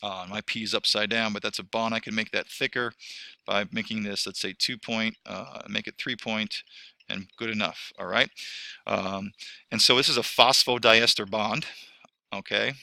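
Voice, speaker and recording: A man's voice: on the low side, fairly even intonation, moderate pace, vocal fry, pushed and bright, no echo. A man teaching a screen-recorded lesson, rambling and correcting himself as he talks through each step.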